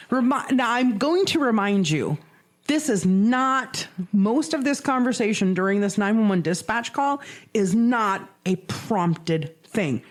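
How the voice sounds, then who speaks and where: A woman co-hosting a podcast, retelling a true crime case in casual chat, acting out the quotes and laughing often. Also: fairly high pitch. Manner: animated storyteller, acts out quotes, swears, laughs often. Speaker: podcast co-host.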